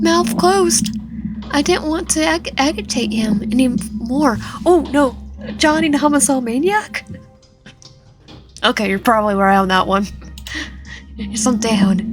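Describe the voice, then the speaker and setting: High-voiced young woman narrating a horror game. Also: measured pace. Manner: reads game text dramatically, stumbles and restarts words. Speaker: gaming channel host. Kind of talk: reading a visual novel aloud with commentary. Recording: faint game music behind.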